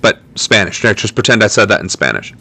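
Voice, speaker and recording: A man's voice: on the low side, sing-song, a little fast, creaky, pushed and bright, husky, faint music behind. A man hosting a political livestream in a sarcastic, joking, self-mocking way. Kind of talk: casual livestream commentary.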